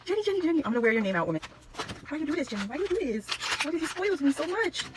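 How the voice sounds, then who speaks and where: A woman's voice: high voice, big pitch swings, racing, heavy background noise. A woman vlogger opening craft gifts on camera, gushing and exclaiming again and again in casual chat. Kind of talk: excited casual unboxing chat.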